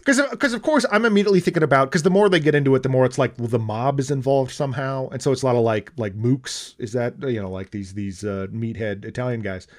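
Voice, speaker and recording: A podcast co-host with a mid-range voice talks fast with few pauses in a casual movie review chat. He rambles with lots of fillers and restarts, dropping swearing asides.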